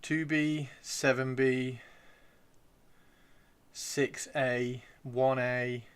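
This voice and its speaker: A man live streaming as he builds miniatures, excitable and rambling, talking to himself and to chat. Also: medium pitch, extremely slow, smooth.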